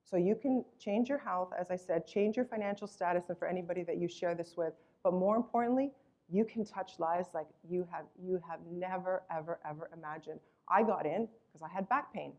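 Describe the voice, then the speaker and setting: A woman's voice: fairly low pitch, a little fast, a little mellow, dull audio. A woman giving an enthusiastic, emphatic sales presentation about her company's products. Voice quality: acts out voices when retelling a story.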